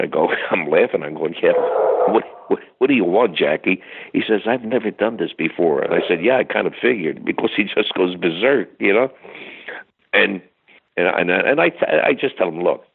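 A man's voice: deep voice, creaky, husky. An older man telling chatty anecdotes as an interview guest, full of fillers and restarts, heard over a phone line. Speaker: guest singer. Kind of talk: storytelling interview.

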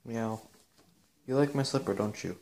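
A man's voice: mid-range voice, fairly even intonation, normal speed, slight background noise. A man at home, filming and talking playfully to his kitten in a doting way. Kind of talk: casual talk to a pet. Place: at home, indoors.

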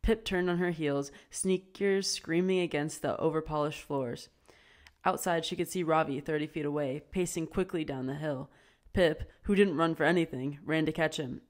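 Casting note: woman narrator, low voice, steady amateur audiobook reading. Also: moderate pace. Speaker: audiobook reader.

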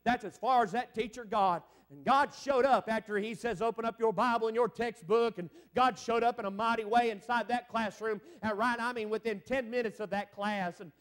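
A man, preaching a revival sermon. He tells his story fervently, moving between quiet, hushed stretches and loud, climbing exclamations. He keeps coming back to "I'm telling you" and "amen.". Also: normal speed, few pauses. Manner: swings from low, hushed telling to loud, high preaching peaks. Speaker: evangelist preacher.

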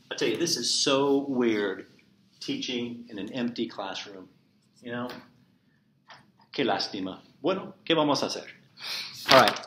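A male teacher giving a classroom lecture, walking through examples step by step and repeating each one. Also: mid-range voice. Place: empty classroom. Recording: echoey classroom with steady noise.

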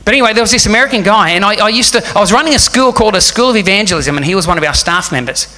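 A man's voice: high voice, lively intonation, rapid-fire. Male pastor, fervent sermon delivery, piercing tone, long reverb. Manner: passionate, building to loud fervent preaching.

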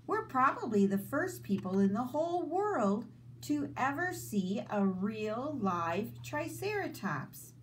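A woman reading aloud and voicing an eager, curious little girl who speaks in a high, wondering voice. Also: big pitch swings, slow, a little hiss or hum.

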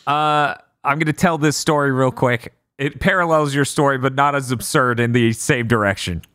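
A man hosting a podcast, telling stories in casual chat, blunt and quick to swear. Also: mid-range voice, fairly bright tone, no echo, clean studio sound. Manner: storytelling, blunt, swears freely. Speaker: podcast host.

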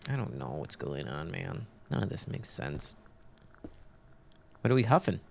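A man rambles through casual let's-play commentary on a horror game, reading game text aloud and swearing when startled. His bass voice is dark-toned with vocal fry, very animated, a little slow, with frequent pauses.

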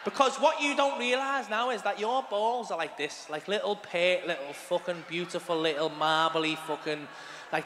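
A man's voice: high voice, animated, fairly quick, noisy background. A man doing a sweary stand-up routine on a comedy club stage, bantering with the crowd. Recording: live club room with reverb and faint ambience.

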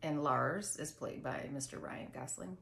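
A woman's voice: low-pitched, measured pace, gravelly, reverberant, a little hiss or hum. A young adult woman co-hosting a podcast, chatting casually and telling stories animatedly. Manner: chatty, laughs often, animated storyteller. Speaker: podcast co-host. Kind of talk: casual chat.

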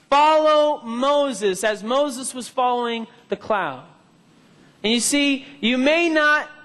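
Male preacher with a strikingly high voice, testifying and calling for amens; sermon heard in a church hall with a long echo. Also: a bit bright.

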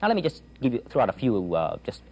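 Man, language teacher, husky voice, wildly swooping pitch, enthusiastic, slow drilled repetitions. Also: wildly swooping pitch, darkish tone, low-quality recording. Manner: enthusiastic, coaxing, repeats phrases slowly. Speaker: Spanish teacher. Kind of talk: informal language lesson.

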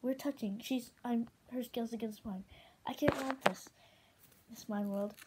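A woman's voice: a little high, normal speed, heavy background noise, close to an everyday voice. A woman voicing a frightened young female dragon with visions, talking in a frantic, pleading way.

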